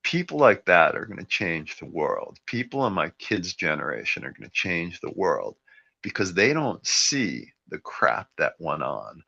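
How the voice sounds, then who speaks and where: Male podcast host, deep gravelly voice, rambling casual opinions. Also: sing-song, unhurried, sharp tone. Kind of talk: casual chat. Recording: dull lo-fi sound.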